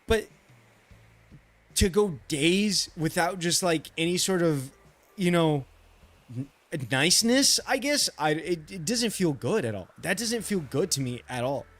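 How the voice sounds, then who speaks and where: A man's voice: on the high side, animated, unhurried, a bit bright. A man streaming a game, venting in a rambling, frustrated way with many restarts and frequent swearing. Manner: swears freely. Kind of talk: casual chat while streaming.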